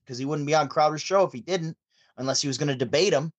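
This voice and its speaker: A man from Syracuse, New York, telling stories as a podcast guest over a remote call, chatty and animated. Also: on the high side, quick pace, dry recording. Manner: chatty, animated, with frequent restarts. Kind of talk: casual storytelling.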